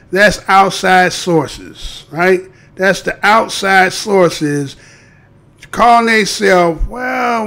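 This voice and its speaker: A man's voice: sits high, vocal fry, a bit bright. A man hosting a live stream, giving heated, profane commentary and mocking voices. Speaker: live show host.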